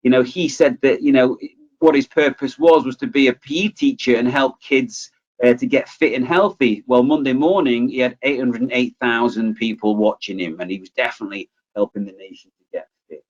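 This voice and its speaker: A man, giving a motivational webinar talk in a chatty, lively way and telling personal stories. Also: medium pitch, normal speed. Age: 40s. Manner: chatty, lively, acts out quoted voices. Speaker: webinar presenter. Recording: slightly muffled webinar audio.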